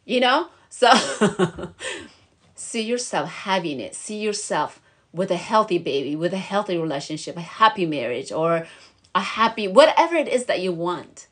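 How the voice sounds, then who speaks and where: A woman's voice: lowish voice, very animated, unhurried, a bit bright. A young woman vlogger talking earnestly and emotionally, encouraging her viewers in a motivational chat. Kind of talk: motivational vlog talk.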